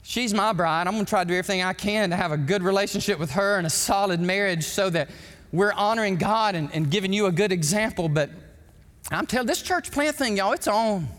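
A male pastor, preaching an emphatic, animated sermon in a church sanctuary. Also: high voice, brisk. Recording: long hall reverb.

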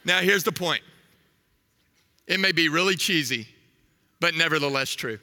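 A man in his thirties preaching a sermon, telling a story with animated energy and asking the crowd questions. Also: fairly high pitch, normal speed, big-room sound.

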